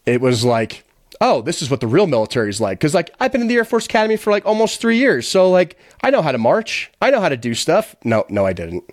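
A man's voice: on the high side, dry recording, studio quality. A man guesting on a podcast, telling a story in a blunt, profane way, chuckling often and packing his talk with fillers. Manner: quick, animated retelling with many fillers. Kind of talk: casual storytelling.

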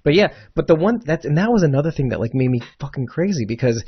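A man co-hosting a casual show chat, rambling and animated, laughing often. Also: on the high side, fast, slightly rough, no room sound, muffled recording. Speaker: podcast co-host.

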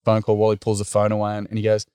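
A middle-aged Australian man telling a heartfelt story in an interview, earnest and halting, with many pauses and restarts. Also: lowish voice, monotone, warm tone, clear, resonant tone, dry recording, studio quality. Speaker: workshop facilitator and guest.

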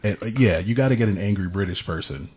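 A man's voice: low voice, lively intonation, quick pace, a little mellow, breathy edge. A man co-hosting a radio show, joking in a laid-back way and hedging with "like.". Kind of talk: casual banter.

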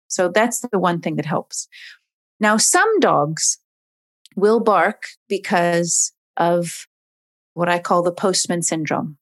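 A woman's voice: fairly low pitch, animated, slow pace. A woman, a dog behavior expert, explaining in an interview and acting out dogs and owners in voices.

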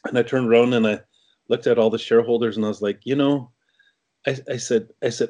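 A man's voice: medium pitch, fairly even intonation, a little fast, a little mellow. A middle-aged man from Canada, an interview guest, telling a story casually with many restarts and fillers.

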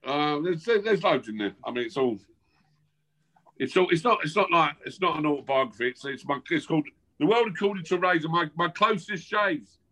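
A man's voice: a little high, lively intonation, moderate pace, bright, forceful tone, low-quality recording. A man in his fifties from South London, speaking with a South London accent, chatting brashly as a guest over a video call, swearing and laughing. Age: 50s. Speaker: guest, former footballer. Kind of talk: casual chat.

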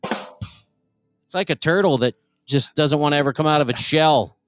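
A man hosting a podcast, loud and laughing, swearing often with mock exasperation. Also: on the high side, unhurried, no room sound, faint music behind. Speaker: podcast host. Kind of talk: crude casual banter.

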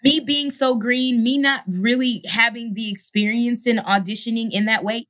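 Bright-voiced woman telling her story earnestly. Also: fairly high pitch, steady tone, normal speed. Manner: earnest, heartfelt, peppered with "you know what I'm saying". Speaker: actress and singer, guest. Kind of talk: candid interview storytelling.

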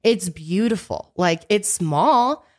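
A woman's voice: medium pitch, expressive, slow pace. A woman co-hosting a casual gossip podcast, blunt and swearing freely, laughing at her own jokes. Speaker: podcast co-host.

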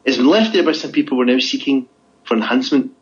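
A man's voice: medium pitch, fast talker. A man co-hosting a podcast, reading out odd news stories with dry, teasing asides. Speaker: podcast co-host. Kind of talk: casual chat. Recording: dull lo-fi sound.

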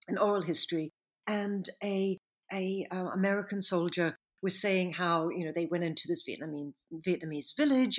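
Woman author as interview guest, husky, reflective and measured, breaks off to correct herself. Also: lowish voice. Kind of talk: podcast interview answers.

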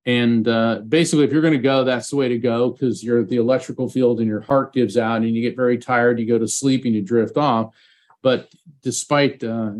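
A man, a psychic medium being interviewed as a guest, telling a personal story in an earnest, heartfelt way. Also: medium pitch.

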